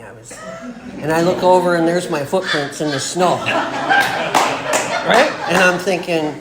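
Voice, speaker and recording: With a fairly high voice, lively intonation and a moderate pace, this man in his forties tells a group his personal recovery story at an AA meeting. He drifts through the tale, laughs at himself and imitates people's remarks, all captured in an echoey meeting room with background noise.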